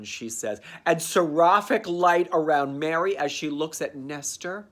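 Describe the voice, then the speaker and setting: A man giving a campy, sarcastic comedic recap of a cartoon, dropping into quick character voices. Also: fairly high pitch. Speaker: comedic reviewer.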